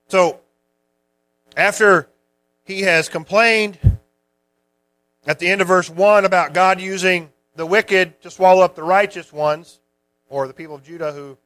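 Male preacher, high voice, relaxed conversational Bible teaching. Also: no echo. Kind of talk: sermon.

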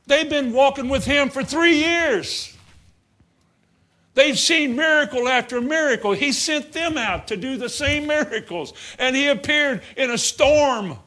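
A man preaching a sermon, swinging from loud outbursts to low murmurs and acting out Bible scenes. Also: measured pace. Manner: acts out Bible scenes in character voices.

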